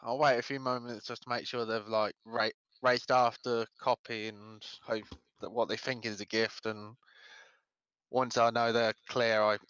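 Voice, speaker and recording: A man describing his moves in a tabletop game, hesitant and full of fillers, his voice smooth and resonant. The audio is dry and a little muffled. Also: mid-range voice, little pitch movement, measured pace, fairly bright tone, no room sound. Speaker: player.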